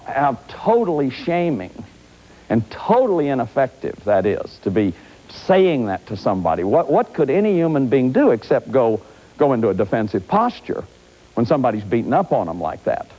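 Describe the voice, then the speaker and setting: A man's voice: medium pitch, moderate pace, a crowd in the background. A man in his fifties giving a self-help lecture, acting out examples, often restarting his sentences. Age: 50s. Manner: animated, acts out examples, frequent restarts. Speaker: therapist and lecturer. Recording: dull lo-fi recording.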